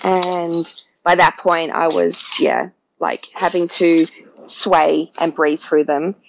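A woman's voice: low voice, lively intonation, slow pace, gravelly, slight background noise, low-quality recording. A woman, a podcast guest chatting through her birth story and acting out her own past words. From Australia.

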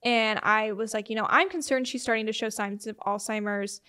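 A woman's voice: mid-range voice, fairly even intonation, brisk, sharp tone, smooth. A young woman guest in an interview, telling a family story in a conversational way, full of "like" and "um" fillers and quoted dialogue. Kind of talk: personal storytelling in a sit-down interview.

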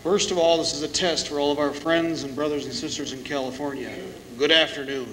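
A man's voice: a little high, fairly even intonation, fairly quick. A man giving a fiery keynote speech to a conference crowd, with dramatic emphasis. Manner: forceful, orating with dramatic emphasis. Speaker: keynote speaker. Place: conference hall with a live audience. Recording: echoey hall, hissy old tape.

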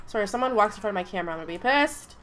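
A young woman casually commenting on her game, excitable and gushing with chatty asides. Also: mid-range voice, very fast, very noisy. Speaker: gaming YouTuber. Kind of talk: casual let's-play commentary.

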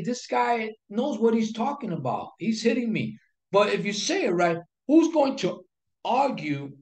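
A man teaching sales technique in an instructional talk to camera. He speaks emphatically, repeats his key phrases and asks rhetorical questions. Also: high voice. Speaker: sales coach. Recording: echoey room.

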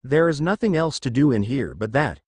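A man's voice: medium pitch, sing-song, normal speed, darkish tone, slightly rough, no echo. A man voicing a whiny, sheepish male three-headed dragon in a fan story reading. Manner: whiny, cheeky.

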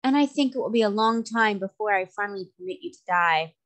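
A woman reading aloud, voicing a vengeful male sea magician who speaks slowly and sweetly with mocking calm. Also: mid-range voice, lightly acted. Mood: gloating.

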